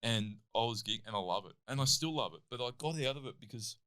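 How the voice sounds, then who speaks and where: A man's voice: medium pitch, quick pace, clear, resonant tone. An Australian man in his thirties telling stories as a guest in a casual interview, peppering his talk with "like". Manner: animated, lots of "like" and "I'm like". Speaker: guest, athlete and comedian.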